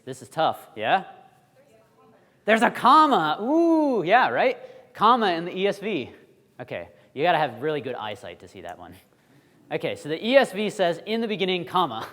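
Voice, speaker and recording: A man teaching a Bible school class, quizzing the audience in a lively, chatty way. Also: on the high side, big-room sound. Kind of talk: classroom lecture.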